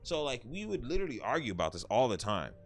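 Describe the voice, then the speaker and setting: A man in his thirties chatting casually about games he beat, telling stories in an animated way with some swearing. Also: medium pitch, creaky, soft background music. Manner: animated storytelling, swearing, quick asides. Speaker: gaming YouTuber. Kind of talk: casual game review chat.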